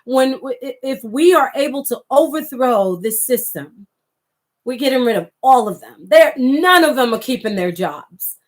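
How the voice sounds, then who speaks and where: At normal speed and in a high, expressive voice, a middle-aged livestream host talks passionately to her viewers in a casual way, reading their comments out loud.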